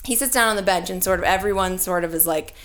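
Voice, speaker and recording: A woman's voice: fairly low pitch, fast talker, fairly bright tone. A woman from Texas telling a long comic story in a rambling, profane, breezy way.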